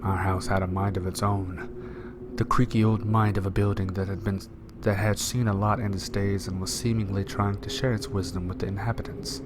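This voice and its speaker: A man's voice: fairly low pitch, level tone, normal speed, heavy background noise. Young man reading a game aloud. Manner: playful, jokey asides while reading. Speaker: gamer. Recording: loud game music behind.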